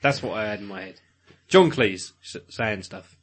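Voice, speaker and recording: A man bantering on a podcast with short quips and teasing questions. His voice is bright and husky, and his pitch jumps around a lot. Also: animated, moderate pace. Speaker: podcast co-host. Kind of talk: casual banter.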